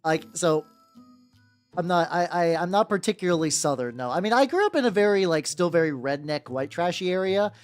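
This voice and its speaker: A man with a higher-register voice streaming as he paints miniatures, chatting casually with viewers and rambling with lots of "like" and restarts. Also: animated, a little fast, clean tone, soft background music. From United States. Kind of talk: casual livestream chat.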